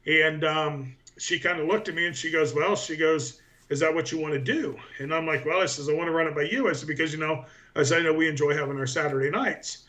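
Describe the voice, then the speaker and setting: A man's voice: a little high, fast talker, hardly any pauses, pushed and bright. A man in his forties, a powerlifter guest, telling long rambling anecdotes in a casual interview, full of fillers.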